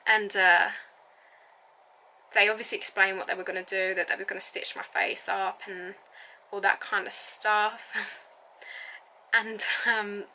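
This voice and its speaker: Woman, twenties, bright and chatty, giggly rambling vlog storyteller. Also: medium pitch, little pitch movement, a little slow, long pauses, a little hiss or hum, low-quality recording. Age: 20s. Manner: rambling, lots of fillers and likes, giggly. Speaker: vlogger. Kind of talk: casual storytelling.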